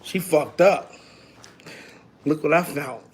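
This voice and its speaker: A middle-aged man talking loudly to his livestream chat, laughing often, in heavy street slang. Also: fairly high pitch, slow pace, background noise. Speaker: livestream host.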